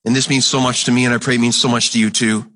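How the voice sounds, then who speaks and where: A man's voice: flat delivery, fast, fairly bright tone. A man preaching a sermon, earnest and impassioned, repeating phrases for emphasis and acting out Bible dialogue in a raised voice. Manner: acts out Bible exchanges in a raised, higher voice. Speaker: pastor.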